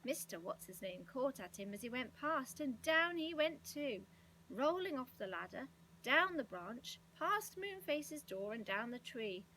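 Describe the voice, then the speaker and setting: Lady reading a kids' story out loud, lively and sing-song, a faint hum behind. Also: high voice, a little slow, poor audio. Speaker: storybook reader. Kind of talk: children's story read-aloud.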